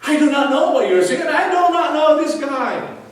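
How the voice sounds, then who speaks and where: A man's voice: extremely high pitch, lively intonation, moderate pace, voice pushed up. A man preaching, acting out a frightened man who insists he does not know someone, sounding emphatic and protesting. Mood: insistent denial. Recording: echoey hall from far off.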